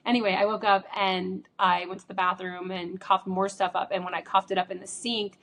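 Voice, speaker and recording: A woman's voice: medium pitch, level tone, a little fast, creaky, a bit bright. A woman who is sick, hosting a casual solo podcast from home into a microphone, chatty and rambling with many fillers. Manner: chatty, rambling, lots of likes and ums. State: sick with a chesty cough. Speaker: podcast host. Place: home room. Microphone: studio microphone.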